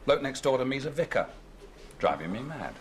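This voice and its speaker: An actor playing a dry, sardonic senior police officer in a 1970s television police drama. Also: male voice, medium pitch, very animated, a little fast, a little hiss or hum, natural voice. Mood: wry.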